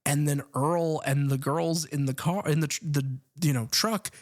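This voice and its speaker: A man co-hosting a casual film podcast, recapping the plot in an even way with frequent ums and uhs. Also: a little high, normal speed. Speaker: podcast co-host.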